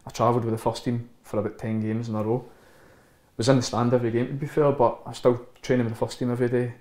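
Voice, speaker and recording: A man in his thirties with a Scottish accent, a former footballer telling lively anecdotes in a casual interview. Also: medium pitch, fast talker. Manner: animated anecdotes, acts out quotes. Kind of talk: casual storytelling chat. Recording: roomy echo.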